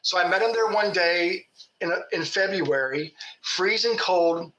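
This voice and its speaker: A man's voice: high voice, unhurried, sharp tone, reverberant, low-quality recording. A man from Kentucky, a Bigfoot researcher, telling folksy stories with laughs in casual talk. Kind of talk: casual storytelling.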